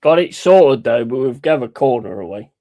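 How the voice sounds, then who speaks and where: A man hosting a football watch-along, calling play-by-play in a blunt, excitable and heavily sweary way. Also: medium pitch, moderate pace, lo-fi sound. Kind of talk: live match commentary.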